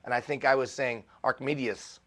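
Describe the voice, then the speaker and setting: A male motivational speaker giving a live keynote talk, animated and self-deprecating, repeating phrases for emphasis. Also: a little high, normal speed. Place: stage before a live audience.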